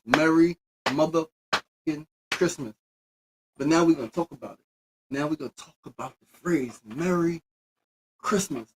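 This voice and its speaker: A man hosting his own daily live show, opening with energetic greetings and moving into reflective talk about love and respect. He swears casually and repeats phrases. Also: fairly high pitch, low-quality recording. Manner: energetic hype greetings, then reflective preaching. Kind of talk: casual morning livestream talk.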